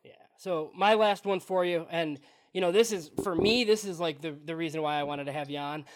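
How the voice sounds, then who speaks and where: A man hosting a podcast, asking questions in a relaxed, conversational way. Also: a little high, fairly quick. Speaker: podcast host. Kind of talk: casual interview.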